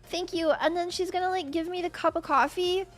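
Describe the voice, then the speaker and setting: Woman streamer with a super high voice, rambling, lots of "like", faint music under. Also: steady tone, fairly quick. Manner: rambling, filler-heavy, crude. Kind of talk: rambling comic monologue.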